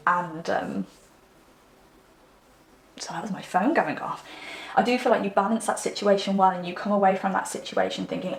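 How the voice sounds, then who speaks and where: A woman's voice: mid-range voice, normal speed, gravelly, pauses often, slight background noise. A woman giving a tarot card reading, talking in a chatty, intimate way and checking in with her listener. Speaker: tarot reader. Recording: echoey room.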